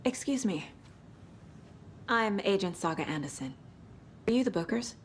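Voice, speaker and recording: A woman voicing a calm, methodical female federal agent questioning witnesses in a video game. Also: medium pitch, normal speed, a little hiss or hum, close to an everyday voice. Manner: calm, level, reassuring.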